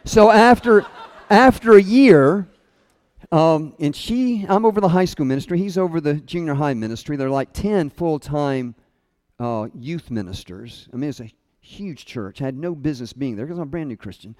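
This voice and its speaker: A middle-aged man giving a storytelling sermon, self-deprecating and funny, chuckling often and dropping his voice soft and low at tender moments. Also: expressive, moderate pace. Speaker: speaker at a college chapel.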